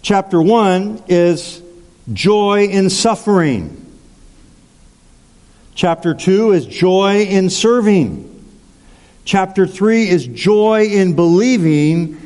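A male pastor delivers a sermon in a measured, unhurried way, leaning on key words and now and then repeating himself for emphasis. His voice sits a little high for a man. The sound carries a long reverb, as if caught in a large church hall. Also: expressive, a little mellow.

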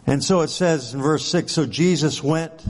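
A man's voice: a little high, moderate pace. Pastor man preaching in reverberant hall. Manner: conversational, rhetorical questions, often adds "right?". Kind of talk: sermon.

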